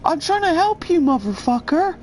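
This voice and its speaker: A man's voice: very animated, moderate pace, a little mellow, a little hiss or hum. A man voicing an unhinged woman shopper who preaches salvation and screams in rage. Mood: preachy. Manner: shrill, screeching, crying out in rage.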